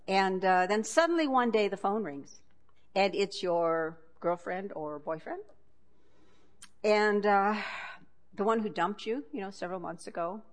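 Lower-voiced woman giving a wry talk. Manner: wry asides with frequent chuckles. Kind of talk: conversational talk reading from a book.

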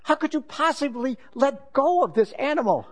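Amazed ordinary man, played by a male preacher, incredulous, high and excited. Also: normal speed.

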